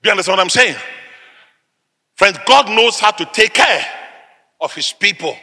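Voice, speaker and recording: Forceful preacher from Africa, booming hall. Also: male voice, animated, moderate pace. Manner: emphatic, repetitive declarations, sudden loud bursts. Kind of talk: sermon.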